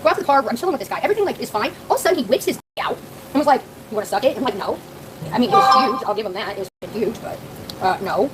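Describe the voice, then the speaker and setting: A young woman rattles through a story on her live stream, talking straight to her chat. She speaks quickly in a fairly high voice, blunt and full of profanity, with a faint hiss behind her. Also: lively intonation.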